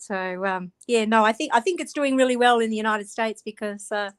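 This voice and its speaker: With a slightly high, clear and resonant voice at a moderate pace, an Australian woman author talks casually as a video-call interview guest. She's chatty, laughs frequently and restarts words.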